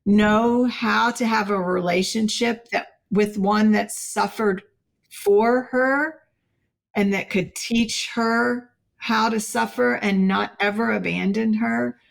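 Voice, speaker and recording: A middle-aged woman, a podcast guest, telling a personal faith story in an earnest, animated way and acting out quoted dialogue. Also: medium pitch, takes it slowly, vocal fry.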